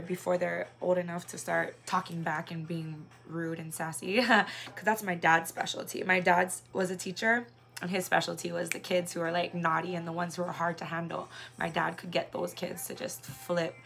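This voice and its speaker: A woman's voice: fairly low pitch, vocal fry. A woman in her thirties from Hawaii, a singer and mother, chatting casually on a livestream and rambling with many fillers.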